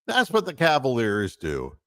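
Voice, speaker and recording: Brief: male sports-talk host, rambling and fired up, lively voice, dry close recording. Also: medium pitch, unhurried, no room sound. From Ohio. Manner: rambling, heated, full of fillers and mocking quotes. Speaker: podcast host.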